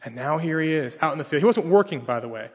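A man delivers a sermon in an animated storytelling manner, jumping into the characters' voices as he retells the story. His voice sits a little high and slightly husky. The sound carries a long hall reverb. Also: fast. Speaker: pastor.

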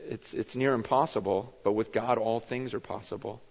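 A man preaching a sermon, animated and acting out the people in the story as he speaks. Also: medium pitch, moderate pace, creaky, husky. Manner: animated, acts out bible figures in his telling. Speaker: pastor. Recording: muffled echoey hall.

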